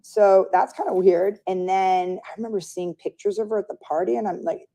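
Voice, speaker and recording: A woman with a medium-pitched voice speaks at normal speed as an interview guest. She tells a story candidly and animatedly, acting out the lines other people said.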